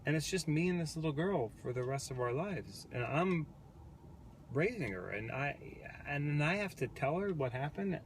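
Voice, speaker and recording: A man's voice: on the high side, animated, moderate pace, a little hiss or hum. A man in a car telling his baby's birth story as a casual vlog co-host, earnest and reflective, with many restarts. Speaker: vlog co-host, new father. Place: parked car.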